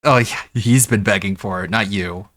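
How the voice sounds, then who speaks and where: A man's voice: fairly low pitch, moderate pace, no echo. A man streaming live, chatting casually and laughing with an AI chatbot. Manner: laughing, relaxed, playful. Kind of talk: casual livestream chat.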